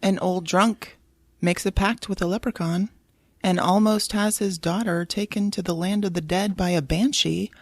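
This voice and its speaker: A woman's voice: mid-range voice, fairly even intonation, moderate pace, darkish tone, no room sound, studio quality. A woman co-hosting a casual podcast, reading out quiz clues and laughing easily. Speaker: podcast co-host.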